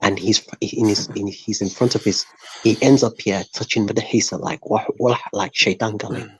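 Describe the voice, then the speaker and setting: A man's voice: on the low side, steady tone, normal speed, a little hiss or hum. A man chatting casually in an open mic session, telling stories that drift off topic. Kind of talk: casual chat. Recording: dull lo-fi audio.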